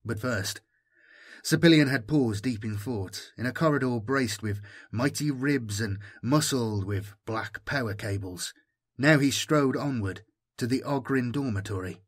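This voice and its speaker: A male audiobook narrator with a husky, breathy tone at a middling pitch. He reads in a steady, even storytelling manner. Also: a little slow.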